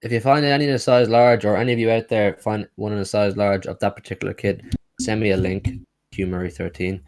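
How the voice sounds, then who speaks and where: An upbeat man with a Dublin Irish accent chats through a football watch-along. His voice sits a little low and he keeps reading viewer comments aloud in a casual, friendly way. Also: steady tone, quick pace, darkish tone. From Dublin, Ireland. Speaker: co-host.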